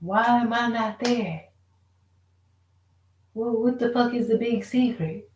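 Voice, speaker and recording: A woman's voice: on the high side, slow, a little mellow, slight background noise. A woman venting in a casual, rambling rant, frustrated and profane, full of rhetorical questions. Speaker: vlogger. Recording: echoey room.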